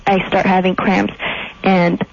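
Anxious young woman calling in, gravelly. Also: mid-range voice, flat delivery, unhurried, dry recording. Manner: anxious, hesitant, many fillers. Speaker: caller. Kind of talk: phone call to radio show. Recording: muffled radio call audio.

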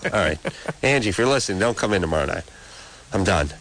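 A man in his thirties hosts a late-night radio call-in show from a studio, launching into long, rambling, opinionated rants. His low voice is expressive and quick, captured on a studio microphone with heavy background noise.

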